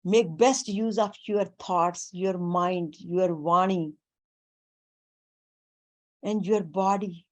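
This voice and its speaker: A woman giving a spiritual talk, speaking deliberately and weaving in Sanskrit and Hindi terms. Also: lowish voice, fairly even intonation, darkish tone. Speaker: spiritual teacher.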